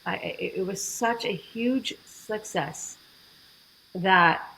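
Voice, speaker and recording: A woman guest on a podcast, telling her story in a lively way and acting out the dialogue she quotes. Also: mid-range voice, slow, creaky, a little hiss or hum, low-quality recording. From United States. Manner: animated, acts out quoted dialogue. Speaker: fitness program founder, guest.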